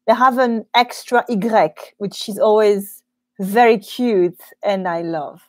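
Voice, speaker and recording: Taking it slowly in a medium-pitched voice, a French-accented woman teacher of French holds a live Q&A chat in a small office studio. She laughs easily and says um a lot, and the recording is dry.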